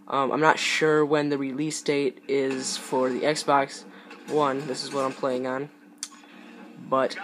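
Young man, gaming commentary, hesitant and rambling, mid pitch, clear game noise behind. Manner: rambling, hesitant, many ums. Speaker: gaming YouTuber. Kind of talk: live gameplay commentary.

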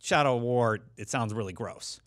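A man co-hosting a casual gaming podcast who tells stories in an animated way and laughs often. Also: medium pitch, normal speed. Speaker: podcast co-host. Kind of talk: casual panel chat.

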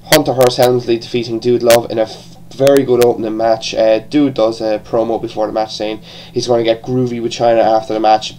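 A man's voice: medium pitch, darkish tone, a little hiss or hum, rough recording. Rambling Irish man reviewing casually. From born in England, raised partly in Ireland. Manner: rambling, with frequent restarts and casual swearing. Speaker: wrestling show reviewer.

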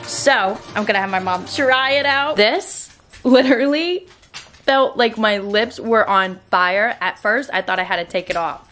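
A woman in her twenties talking casually to her phone camera in a vlog, chatty and excitable, swearing freely. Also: mid-range voice, unhurried, faint music behind. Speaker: vlogger.

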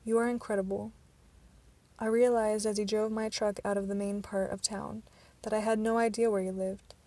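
A woman's voice: medium pitch, flat delivery, moderate pace, warm tone, dry recording. A woman narrating an amateur audiobook reading, stumbling at times with restarts.

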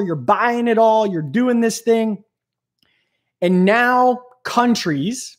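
A man hosting an aquarium channel, talking in an animated, rambling, jokey way on a live stream. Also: high-pitched, slow. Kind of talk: casual live-stream talk.

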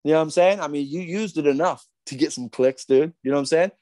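A man's voice: a little high, fast talker, a little mellow, dry recording. A middle-aged man, a skateboarder guest on a podcast, ranting heatedly with lots of swearing and repeated fillers. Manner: profane, fired up, repetitive fillers.

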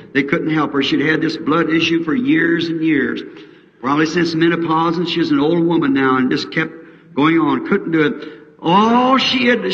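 A man's voice: a little high, a bit bright. Fervent preacher man in a distant hall. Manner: fervent, acts out characters in raised voice. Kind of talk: revival sermon storytelling. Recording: old distant hall recording, muffled.

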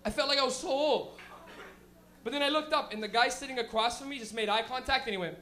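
A man doing profane, animated stand-up comedy, laughing and acting out characters on a club stage. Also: very high-pitched, fast.

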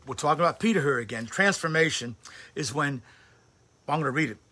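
A man's voice: fairly high pitch, animated, fast, background noise. A man who is a pastor, giving a conversational sermon on a livestream with emphatic bursts. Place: home livestream setup. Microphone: phone or webcam on a livestream.

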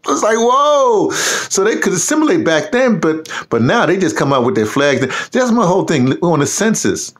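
An American man, hosting a casual conversation, animated and laughing often as he mimics voices. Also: a little high, a little fast, few pauses. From United States. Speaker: host.

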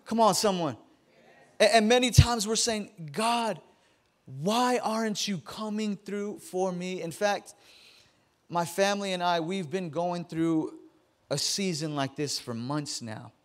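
A man's voice: high-pitched, takes it slowly. A man in his thirties preaching a casual, joking sermon to his congregation in a church, often stammering and repeating words. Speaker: pastor. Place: church sanctuary.

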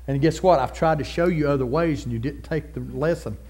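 A middle-aged male pastor preaching a sermon, folksy and down to earth, building into loud, fervent passages. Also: fairly high pitch, a little fast.

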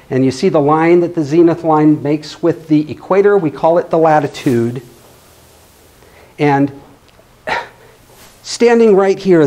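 Male lecturer, slightly raised pitch, playful and chatty, keeps checking in with the room. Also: a little mellow. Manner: playful, often checks in with the audience. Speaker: astronomy club speaker. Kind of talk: live classroom-style lecture.

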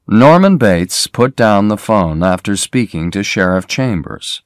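Slow, clear male story reader. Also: lowish voice, lively intonation, no echo, clean studio sound. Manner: slow, clear, plain reading. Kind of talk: scripted narration of a graded reader.

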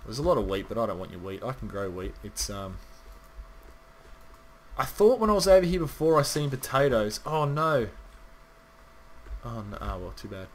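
A man's voice: medium pitch, sing-song, normal speed, pauses often. A man rambling casually through gameplay commentary, swearing now and then and chatting straight to his viewers. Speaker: gaming channel host.

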